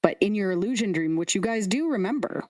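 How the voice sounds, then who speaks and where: A woman's voice: medium pitch, expressive, quick pace, darkish tone, no room sound. A woman game master casually narrating a tabletop game, with laughing asides.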